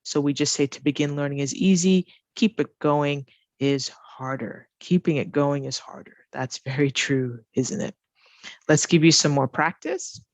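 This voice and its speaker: A woman's voice: deep voice, unhurried, no room sound. A woman teaching English as a second language, patiently walking through grammar exercises and asking the learner questions as she goes. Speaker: ESL teacher. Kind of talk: grammar lesson walkthrough.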